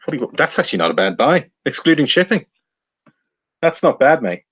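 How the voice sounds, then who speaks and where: A man hosting a live stream, chatting casually and thinking out loud while he reads out figures and viewer comments. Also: on the high side, big pitch swings, fairly quick, husky, dry recording. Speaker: livestream host reading viewer chat.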